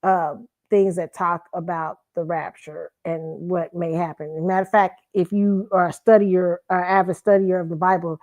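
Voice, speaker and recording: A woman's voice: lowish voice, flat delivery, normal speed, darkish tone, no room sound. A woman hosting a commentary stream, telling stories in a chatty, rambling way and often correcting herself mid-sentence. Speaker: host. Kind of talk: casual commentary and storytelling.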